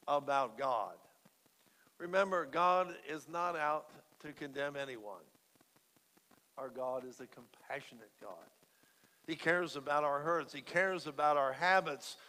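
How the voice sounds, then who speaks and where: A man's voice: a little high, sharp tone. A man preaching a sermon in an earnest, emphatic way, stressing key words. The recording has a long hall reverb. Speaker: pastor.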